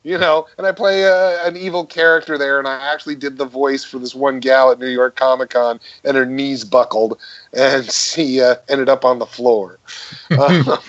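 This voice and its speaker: A man in his fifties, a voice actor guesting on a podcast, telling stories animatedly and dropping into deep character voices. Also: steady tone, moderate pace, lo-fi sound. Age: 50s. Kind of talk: casual podcast interview.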